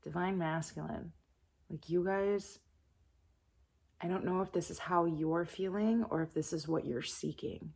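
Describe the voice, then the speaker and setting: Low slow gravelly woman, calm spiritual reader channeling messages. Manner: calm, soft-spoken and meditative.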